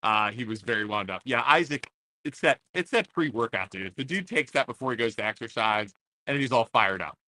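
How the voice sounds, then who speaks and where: A man's voice: medium pitch, expressive, brisk, bright, forceful tone, slight background noise. A man hosting a podcast livestream, ranting in a casual, fired-up way to his viewers while he stands outdoors under an umbrella in pouring rain. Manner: fired-up, repetitive, talks straight to viewers. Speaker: podcast host.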